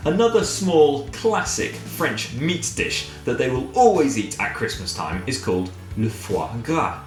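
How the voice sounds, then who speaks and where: Man, children's French teacher, playful drills, slow pace, echoey room. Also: mid-range voice, very animated. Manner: playful, drills words with varied voices. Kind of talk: children's language lesson. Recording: echoey room with faint music.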